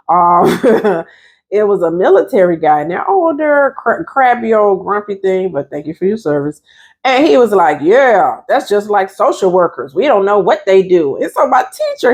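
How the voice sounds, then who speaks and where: Her voice is lowish with a darkish tone as this woman, a therapist and life coach, speaks straight to her audience. The motivational vlog talk is chatty and emphatic, with viewers addressed as "you all."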